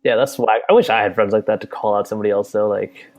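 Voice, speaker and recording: A young man, a podcast guest, in casual chat, agreeable and quick to reply. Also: lowish voice, steady tone. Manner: agreeable, short backchannel replies.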